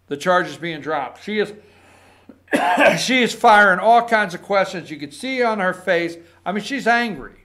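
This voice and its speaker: A man's voice: sits high, fairly bright tone. A man hosting a political opinion show, talking in a sarcastic, combative, rambling way with many asides. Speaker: political commentary host.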